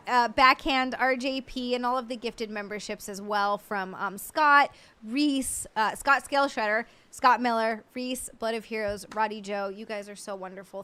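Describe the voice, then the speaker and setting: Giddy, bright-voiced woman streamer. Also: a little high, clear, resonant tone. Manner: giddy and effusive, thanking viewers. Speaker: livestream host. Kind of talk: casual live stream chat.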